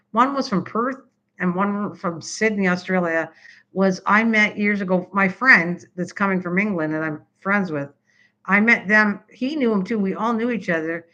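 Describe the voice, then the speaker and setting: An older woman from Canada hosts a homey craft live stream, talking in a loose, rambling way as she reacts to viewers' messages. Her voice is bright and forward. The sound is dull and lo-fi, like a basic home setup. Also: medium pitch. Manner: rambling, chatty, answers typed comments.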